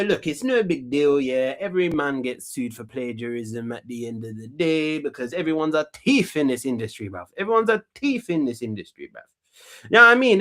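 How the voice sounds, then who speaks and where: A man, bragging and rambling through a comedic talk show monologue. His slightly high voice swings widely up and down as he holds forth. He comes across as brash and full of himself. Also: pushed and bright. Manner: boastful, slangy, rambling.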